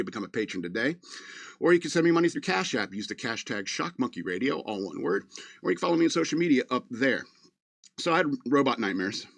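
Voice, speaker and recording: A man's voice: mid-range voice, creaky, fairly bright tone, dry recording. A man hosting a radio show in a casual, meandering monologue full of fillers.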